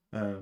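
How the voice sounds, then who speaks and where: A man's voice: warm tone, dull audio. A man hosting a casual livestream chat, rambling and chatty with fillers and laughs. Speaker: livestream host.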